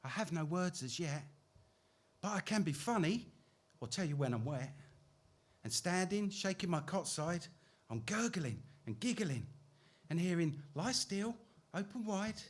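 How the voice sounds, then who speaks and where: A man's voice: expressive, measured pace. A man putting on the voice of a toddler talking to its mummy in a sing-song poetry recital. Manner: high sing-song childlike lilt.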